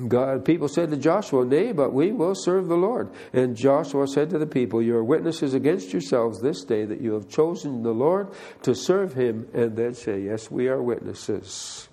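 A man's voice: mid-range voice, lively intonation, moderate pace, few pauses, warm tone. An older man, a pastor, giving a conversational sermon that mixes scripture reading with plainspoken remarks and direct questions to the listeners.

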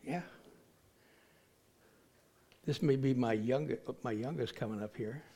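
Man, pastor, children's message with a puppet; friendly, inviting, fond of rhetorical questions; mid-pitched voice. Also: takes it slowly, dark tone.

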